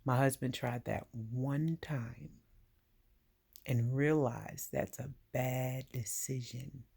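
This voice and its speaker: Slow, low-voiced woman giving earnest advice. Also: fairly even intonation, vocal fry, mellow, husky. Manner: direct, emphatic, talks straight to the viewer. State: getting emotional. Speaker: veteran vlogger giving advice.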